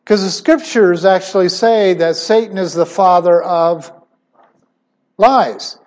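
A middle-aged male preacher with a high voice, delivering a sermon at an unhurried pace. He talks emphatically, jumping from loud stressed words down to quiet asides. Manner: emphatic, with sudden swings in pitch and loudness.

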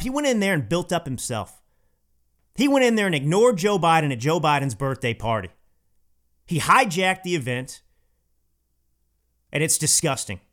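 High-voiced, indignant male podcast host. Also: a bit bright. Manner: emphatic and indignant, repeats points for stress. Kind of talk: political opinion monologue.

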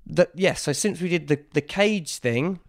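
A man, a guest in a casual interview, telling a story with lively quoted voices. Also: a little high, a little slow, creaky.

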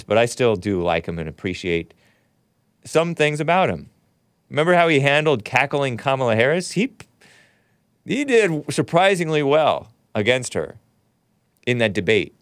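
A male host talking loosely on his own show, wandering from point to point with quick asides and chuckles. His voice is smooth and clean, recorded close and dry with no room sound. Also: medium pitch, a bit bright, no room sound. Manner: rambling, joking asides to viewers, reads chat comments. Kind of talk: casual talk show commentary.

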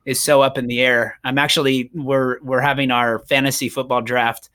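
A man's voice: medium pitch, little pitch movement, normal speed, bright, forceful tone, smooth. A man co-hosting a podcast in casual chat, often stopping to restart and repeat his words. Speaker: podcast co-host.

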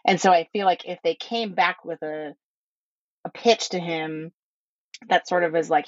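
A woman's voice: fairly low pitch, measured pace, pauses often, no echo. A woman hosting a podcast in a casual, thoughtful way, hesitating often with fillers. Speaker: podcast host. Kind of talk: casual chat. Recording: slightly dull lo-fi sound.

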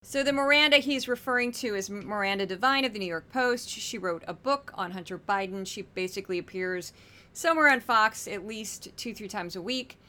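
A woman hosting a podcast, giving chatty, wry commentary on news clips with animated asides. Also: medium pitch, brisk. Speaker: podcast host. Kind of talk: casual commentary.

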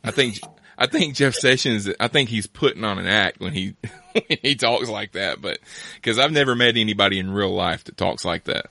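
A man's voice: fairly low pitch, moderate pace, vocal fry, pushed and bright, no room sound. A man hosting a casual chat, rambling through asides and laughing easily.

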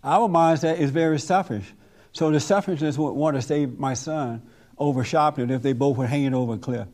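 Male pastor, emphatic preacher in group discussion, voice a touch high. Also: fairly quick, a little mellow. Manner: emphatic, preachy, laughs often.

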